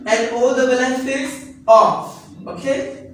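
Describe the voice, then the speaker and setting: Slow-drilling male pronunciation teacher. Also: very high voice, steady tone, a little hiss or hum. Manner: repeats words slowly and patiently, calls students beta. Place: classroom. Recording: echoey classroom recorded from a distance.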